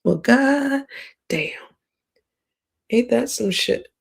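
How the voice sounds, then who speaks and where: A woman's voice: on the high side, lively intonation, extremely slow, gravelly, slightly rough. A woman livestreamer with a cracking voice, giving rambling, gossipy late-night commentary with whispered asides.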